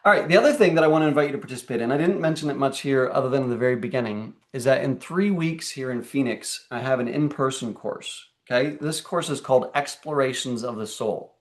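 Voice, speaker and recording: Gravelly-voiced man coaching an online group. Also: medium pitch, quick pace, hardly any pauses. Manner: energetic, checks in with "okay?" and "all right?". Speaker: life and fitness coach. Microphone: video call.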